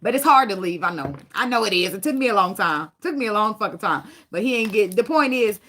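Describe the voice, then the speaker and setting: A woman's voice: medium pitch, lively intonation, fast talker, a bit bright, slight background noise. A woman giving a casual tarot reading, blunt and profane, laughing often and sliding into dramatic sarcasm. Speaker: tarot reader.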